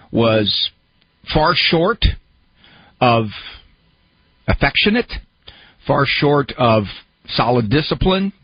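A man's voice: medium pitch, breathy edge, no echo, highs cut off. A man giving a conversational talk on psychology, working through everyday examples and posing questions to the listener. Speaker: speaker on psychology and self-help. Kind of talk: conversational lecture.

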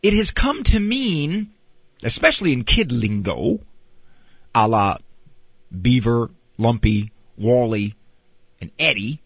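A middle-aged man and parent, talking about raising kids in a casual, animated monologue with a husky voice. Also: medium pitch, takes it slowly, pauses often, dry recording, dull audio. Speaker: parenting speaker.

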